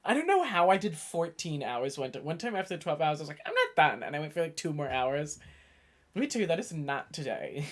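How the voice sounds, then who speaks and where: A man's voice: on the high side, expressive, brisk. Tired, rambling young man streamer. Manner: rambling, chatty, thinks aloud. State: tired, voice worn from hours of talking. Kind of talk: casual live-stream chat.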